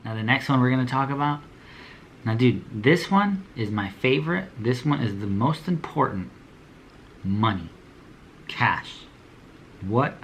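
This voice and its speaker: A man's voice: mid-range voice, fairly bright tone, slight background noise. A young man giving a motivational talk to small business owners, with a preachy, blunt delivery, slang, and slogans he repeats over and over. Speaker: motivational speaker.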